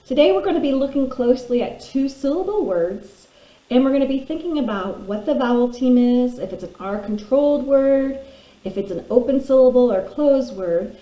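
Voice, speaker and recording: Woman teacher, middle-aged, mellow tone, deliberate phonics lesson, echoey room. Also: sits high, expressive. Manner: slow, deliberate sounding out of letters. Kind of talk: phonics lesson, sounding out words. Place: room at a desk. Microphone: camera pointed at desk.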